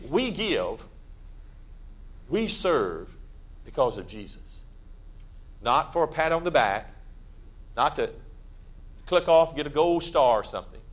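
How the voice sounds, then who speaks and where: A man preaching a sermon in a church, conversational and plain-spoken, with sudden loud emphatic bursts. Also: medium pitch. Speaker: pastor.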